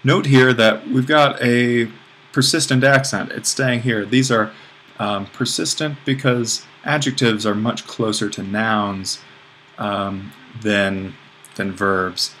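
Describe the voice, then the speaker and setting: Relaxed man teaching a lesson. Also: fairly low pitch, slow pace, a little hiss or hum. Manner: relaxed, self-deprecating, thinks aloud with restarts. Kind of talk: casual lecture with worked examples.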